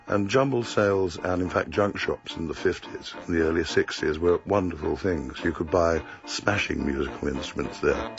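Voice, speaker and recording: A man from England with an extremely deep, gravelly voice looks back on the past in an unhurried way. The recording is dull and lo-fi. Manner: reminiscing, unhurried. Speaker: interviewee, younger brother. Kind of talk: interview recollection.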